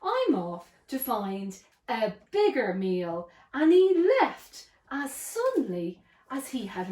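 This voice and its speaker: Expressive woman narrator reading a storybook, slow and sing-song, fairly high, roomy echo.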